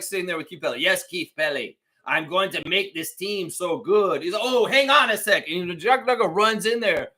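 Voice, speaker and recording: A man hosting a live sports reaction show, profane and ranting, swinging between muttering and shouting. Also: on the high side. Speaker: sports fan show host.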